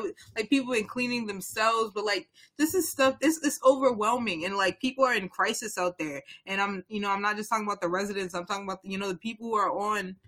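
A man's voice: high-pitched, fairly quick, bright, forceful tone. A young man co-hosting a casual talk show, speaking with passion, rambling and often restarting. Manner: impassioned, rambling, many restarts. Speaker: podcast co-host. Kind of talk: casual chat.

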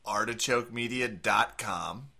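A man with a very bright, forward voice riffs wryly as a podcast co-host. His tone sits a bit low. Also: unhurried, gravelly. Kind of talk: casual chat.

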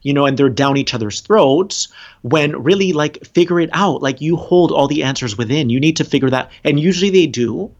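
A man's voice: fairly high pitch, brisk. Earnest rambling man, muffled sound. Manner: earnest, rambling, laughs often. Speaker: spiritual guest. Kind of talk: casual podcast conversation. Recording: dull lo-fi sound.

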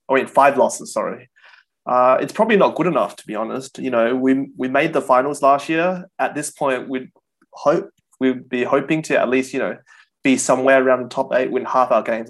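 Aussie bloke in his 20s venting about his footy team, sighs a lot, casual chat. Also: mid-range voice. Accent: Australian. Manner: frustrated, sighing fan talk. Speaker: co-host.

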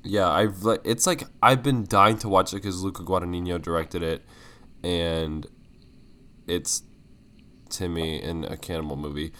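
Young male co-host, deep voice, blunt and theatrical, casual chat. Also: fairly even intonation, measured pace. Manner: blunt, dramatic dislikes, trails off quietly. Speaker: podcast co-host.

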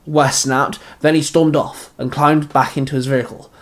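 A man's voice: a little high, little pitch movement, normal speed. A man reading a fan fiction story aloud and hosting the channel, enthusiastic when recommending other creators.

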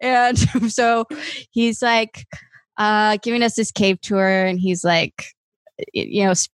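A woman's voice: mid-range voice, takes it slowly, no echo. A woman from the American Midwest telling a comic story as a podcast guest, chatty with lots of ums and likes. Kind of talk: comedic storytelling.

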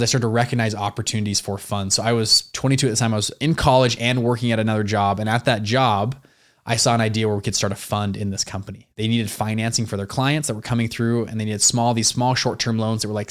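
A young adult man, an entrepreneur guest in an interview, telling stories in a slangy, animated way with many fillers. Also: fairly low pitch, fast. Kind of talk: casual interview storytelling.

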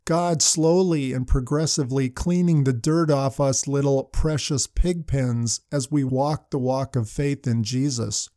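A man's voice: medium pitch, unhurried, few pauses, mellow, dry recording, clean studio sound. An older man preaching a sermon, telling anecdotes in a storytelling manner. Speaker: pastor.

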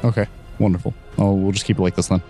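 A man's voice: low voice, level tone, fast, dark tone, soft background music. A man playing a tabletop game, making wry jokes about his character. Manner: wry, joking. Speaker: player. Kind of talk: casual tabletop play.

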